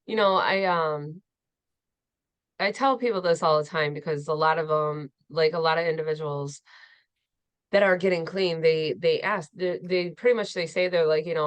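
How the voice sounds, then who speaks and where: A woman's voice: on the low side, unhurried, smooth, no echo. A woman with a Michigan accent hosting a casual conversation, supportive and talking in loose run-on sentences. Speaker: host.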